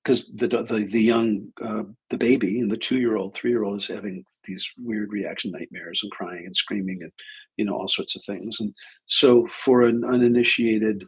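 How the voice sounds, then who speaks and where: A man's voice: fairly low pitch, fairly even intonation, moderate pace, breathy edge, low-quality recording. A man hosting a livestream as a spiritual teacher, telling a story casually, often breaking off mid-sentence. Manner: rambling, self-interrupting, acts out dialogue.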